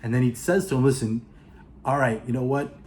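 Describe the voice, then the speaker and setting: A man's voice: mid-range voice, fairly quick, slight background noise. A man with a New York accent casually retelling a movie plot, acting out the characters' lines. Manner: animated, acts out characters' lines. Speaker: movie reviewer.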